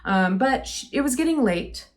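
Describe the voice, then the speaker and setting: A young woman telling her side of a falling-out in a personal vlog, earnest and hesitant with many pauses. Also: high voice, expressive. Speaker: vlogger.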